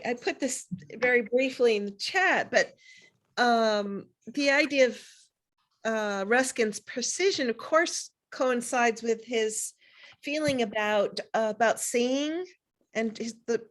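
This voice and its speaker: A woman who teaches, commenting in a discussion in a halting way, searching for words. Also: fairly high pitch, fairly bright tone. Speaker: teacher, audience member.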